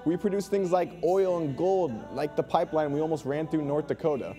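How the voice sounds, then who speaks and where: A man's voice: on the high side, fairly quick, dark tone, soft background music, natural voice. A man playing a cheery Canadian immigration officer in a student comedy sketch, with a put-on Canadian accent and a folksy, mock-welcoming manner.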